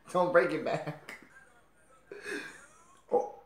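Male reaction host, giggly and gushing, slow unhurried delivery, echoey room. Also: noisy background. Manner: giggly, gushing, frequent laughter; kept low to stay quiet. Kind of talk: casual reaction commentary.

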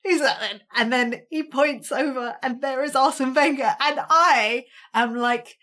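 British woman, guest musician, lively self-mocking anecdotes in a slightly high voice. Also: measured pace. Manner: animated, self-deprecating, acts out quotes. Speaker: podcast guest, touring drummer. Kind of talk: casual storytelling.

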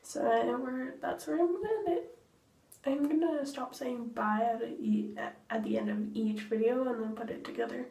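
A woman's voice: a little high, normal speed, warm tone, distant mic. A woman chatting in a rambling, casual way for her daily vlog while she gets ready for bed at home. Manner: rambling, chatty, drifts between thoughts. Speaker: vlogger. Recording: echoey room, off-mic, faint ambience.

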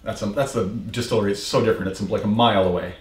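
Low-voiced man tasting whisky. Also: fairly even intonation, fast. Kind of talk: casual tasting chat. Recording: roomy, distant mic, faint noise.

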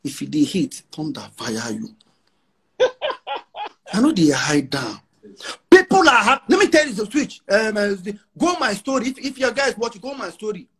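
This musician guest, roughly forty and Igbo from Nigeria, has a husky, high-pitched voice with big pitch swings at normal speed. Speaking with a Nigerian Pidgin English accent in a casual interview, he's brash and emphatic, repeating lines for effect.

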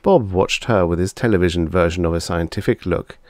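A man with a low voice reads vintage science fiction aloud as scripted audiobook narration, pacing a little fast. His storytelling is dry, and the recording has no room sound.

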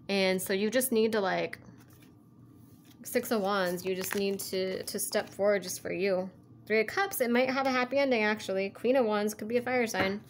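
A woman's voice: mid-range voice, slight background noise. A woman giving a casual tarot reading who rambles, repeats herself and keeps saying "like" and "you know", in an earnest, coaxing way. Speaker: tarot reader.

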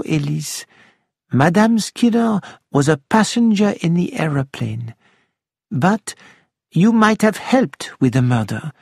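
Man doing a shrewd old detective, slow and insistent, dry close sound. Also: sits high, gravelly, a little mellow, breathy edge, dry recording, full character voice. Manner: deliberate, persuasive.

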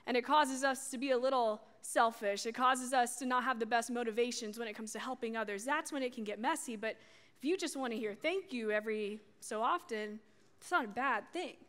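High-voiced young woman in a reverberant hall. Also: fairly quick. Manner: animated storytelling, acting out family dialogue. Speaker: youth speaker. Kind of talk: storytelling sermon talk.

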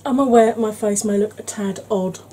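A woman hosting a makeup tutorial, chatting in a rambling, conversational way and sometimes dropping into a soft whisper. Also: medium pitch, normal speed, a little hiss or hum, low-quality recording. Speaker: beauty channel host.

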